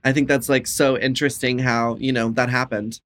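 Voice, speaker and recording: A woman's voice: very deep voice, steady tone, fairly quick. A woman chatting casually on a video call, playful and exclamatory, laughing often. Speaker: drag performer guest. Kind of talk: casual chat.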